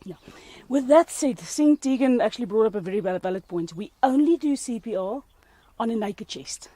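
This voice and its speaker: A woman's voice: a little high, lively intonation, fairly quick, mellow, no room sound. A woman teaching a first-aid class, quizzing her student and joking with frequent laughter. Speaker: CPR instructor.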